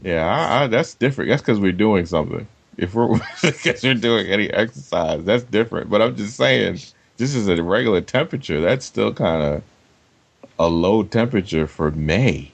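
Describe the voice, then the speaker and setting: A man co-hosting a podcast in casual chat, telling stories loudly and animatedly with profanity and shrill mock quotes. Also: animated, normal speed, vocal fry, slightly rough, no echo. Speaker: podcast co-host.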